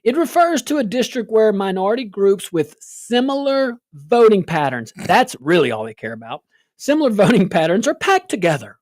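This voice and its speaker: A woman's voice: mid-range voice, sing-song, normal speed, a little mellow, no room sound, studio quality. A woman hosting a political talk show, sarcastic and full of rhetorical questions. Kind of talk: casual political commentary.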